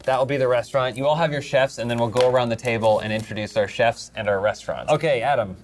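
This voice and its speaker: A man's voice: medium pitch, fast talker, a little hiss or hum. A man hosting a board game session, casually explaining the rules and laughing often with the players. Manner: upbeat, laughs often, talks through rules with restarts. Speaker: game host.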